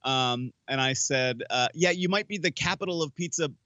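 Male co-host from Northeast Pennsylvania: bright tone, measured and casual, dry close sound. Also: on the high side, dry recording, dull audio. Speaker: podcast co-host. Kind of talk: casual wrestling chat.

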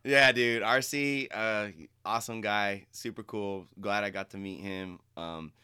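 Man, podcast co-host, laid-back, laughs a lot, bright, smooth voice. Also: fairly low pitch, fairly even intonation, a little slow. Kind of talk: casual chat.

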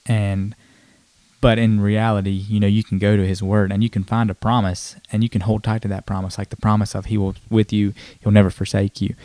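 A man's voice: fairly low pitch, level tone, fairly quick, mellow, no echo. A man reading and explaining scripture in a plain, earnest way. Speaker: co-host.

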